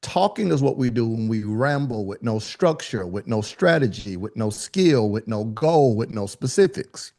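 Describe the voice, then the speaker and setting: A man teaching a live online speaking workshop, with lively, colloquial, high-energy delivery, calling on attendees by name. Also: normal speed, few pauses. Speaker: speaking coach.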